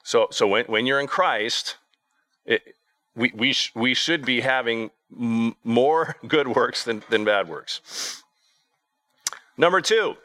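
An earnest man preaching, his delivery halting and full of repeated words and restarts. His voice is bright and forceful, and the recording is close and dry with no room sound. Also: medium pitch, no echo. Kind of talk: sermon.

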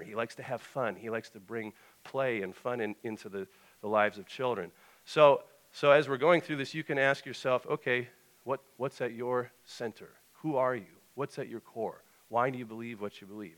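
A man's voice: on the low side, a bit bright, smooth. A young male pastor preaching a conversational sermon, reading a short passage and then telling anecdotes.

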